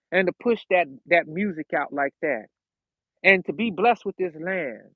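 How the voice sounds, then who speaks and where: A man's voice: high-pitched, no echo, phone-quality sound. A man preaching a sermon and praying in an impassioned, preacherly cadence, repeating his phrases. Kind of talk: sermon with prayer.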